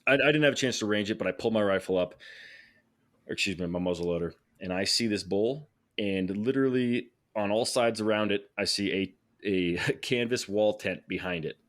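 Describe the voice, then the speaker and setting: Here a man guesting on a podcast spins a casual, animated tale, clearly excited, chuckling, and restarting sentences as he goes. His voice is lowish and his pace a little fast.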